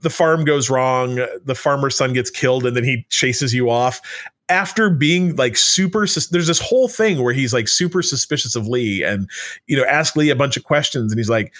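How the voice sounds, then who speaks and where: A man's voice: medium pitch, normal speed, a bit bright. A man co-hosting a casual chat, rambling with many restarts and fillers. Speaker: podcast co-host.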